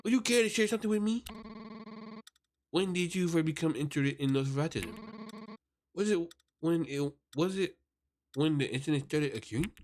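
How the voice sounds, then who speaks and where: A man voicing a suave, scheming male professor who speaks with smooth, overly polite probing questions. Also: on the high side, lively intonation, moderate pace, long pauses, darkish tone, slight background noise, lightly acted. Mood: amicable. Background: music.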